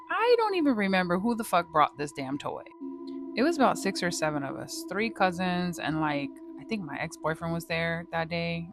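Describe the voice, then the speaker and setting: A woman vlogger casually telling a ghost story, swearing freely in a lively, dramatic way. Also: on the low side.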